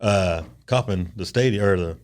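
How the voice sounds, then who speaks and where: A man's voice: low-pitched, moderate pace. An older man co-hosting a podcast, telling a long casual anecdote with lots of "you know" and chuckles. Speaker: podcast co-host. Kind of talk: casual storytelling chat.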